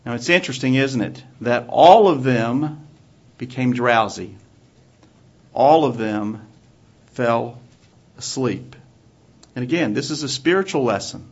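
A man preaching a sermon to his congregation in a church, asking measured rhetorical questions. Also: mid-range voice, animated, breathy edge. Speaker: pastor. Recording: dull lo-fi recording.

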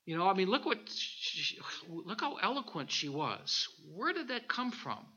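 A man, a minister, preaching a sermon with animated storytelling and scripture reading, on a dull lo-fi recording. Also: sits high, unhurried, slight background noise.

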